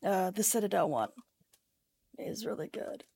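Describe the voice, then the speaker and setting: A woman speaking as a podcast guest in casual chat, in a soft-spoken, modest and hesitant way. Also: mid-range voice, expressive, unhurried, vocal fry, breathy edge.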